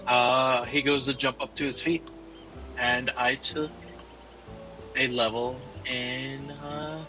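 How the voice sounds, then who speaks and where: Male player, drawn-out delivery, bright voice, hesitant. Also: medium pitch, flat delivery, music in the background, low-quality recording. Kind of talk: casual tabletop play.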